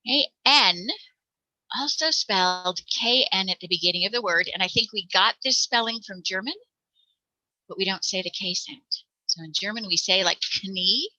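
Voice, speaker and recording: A woman's voice: medium pitch, moderate pace, bright, forceful tone, no echo, rough recording. An American woman teaching parents letter sounds, patiently demonstrating each one aloud. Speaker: reading teacher.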